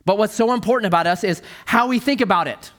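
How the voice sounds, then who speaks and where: A male pastor preaching a sermon emphatically, moving between loud pushes and quiet, low lines. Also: fast. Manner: emphatic, swings from loud to hushed.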